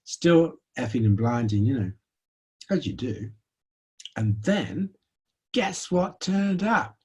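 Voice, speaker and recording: A man giving a lecture, telling a personal story in a conversational, animated way. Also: mid-range voice, takes it slowly, slightly rough.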